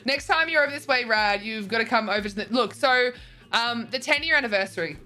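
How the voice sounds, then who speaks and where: A bubbly woman in her twenties chats casually on a stream, reading viewer messages and laughing often. Her voice is a little high, fairly quick, and sharp in tone. Faint music plays in the background.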